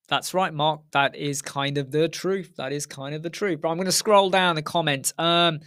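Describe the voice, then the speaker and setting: A man's voice: on the high side, a little slow, bright, forceful tone. A middle-aged man hosting a casual live Q&A stream from home, talking frankly and straight to his viewers. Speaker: host.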